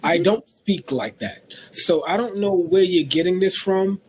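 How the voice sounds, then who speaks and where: A man's voice: sits high, measured pace, a little hiss or hum. A man from Brooklyn with a New York accent, giving emphatic commentary on a casual panel show. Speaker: co-host.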